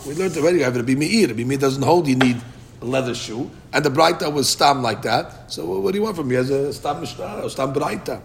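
Male Talmud teacher, gravelly, mid-pitched, weaving Aramaic quotes into casual English explanation, faint rumble behind. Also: fast talker. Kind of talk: Talmud study class.

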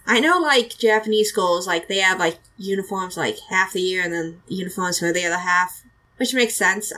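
A woman's voice: mid-range voice, moderate pace, bright, forceful tone, poor audio. A woman hosting a casual podcast, chatty and giggly, rambling through an episode recap with plenty of fillers. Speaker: podcast host.

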